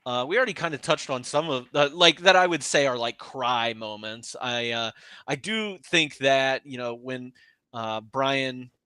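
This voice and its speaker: A man co-hosting a casual movie podcast, with a bright, forward tone and a relaxed, laughing manner as he moves the conversation along. The sound is dry and close, with no room in it. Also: mid-range voice, a little slow, clean tone, no echo. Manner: relaxed, laughs often, runs the segments. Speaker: podcast co-host. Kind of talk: casual movie review chat.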